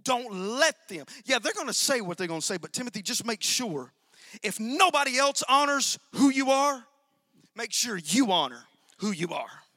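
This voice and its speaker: A man preaching a sermon, swinging between loud, sing-song shouting and quiet asides while questioning the congregation directly. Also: very high voice, sing-song, normal speed, dry recording, clean studio sound. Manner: addresses the congregation directly with call-and-response questions.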